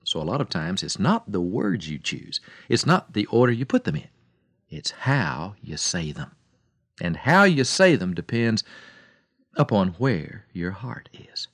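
A man giving a radio devotional talk as a preacher, telling stories dramatically and swinging between loud and soft delivery. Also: fairly low pitch, very animated, unhurried, slightly rough, no echo, clean studio sound.

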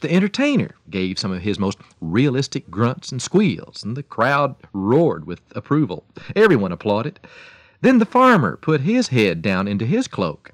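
Animated man hosting a radio devotional. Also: medium pitch, no room sound, clean studio sound. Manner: animated, emphatic storytelling. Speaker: radio program host and preacher.

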